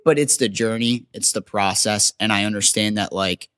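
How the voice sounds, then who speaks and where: An eighteen-year-old man, a podcast guest, talking in an excitable, rambling way with many restarts. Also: lowish voice, normal speed, clean tone. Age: teens. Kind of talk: casual podcast interview.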